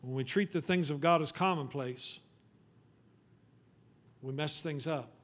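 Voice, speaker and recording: A male pastor preaches with urgency, pressing his listeners with pleading questions. When he reads scripture, his voice sinks into a low, quiet tone. He speaks in a fairly high register. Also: unhurried. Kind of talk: sermon.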